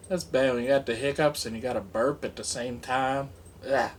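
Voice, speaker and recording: A man's voice: medium pitch, unhurried, slight background noise. A man in his forties, rambling goofily through an unboxing vlog, mumbling and joking to himself. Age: 40s. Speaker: unboxing vlogger.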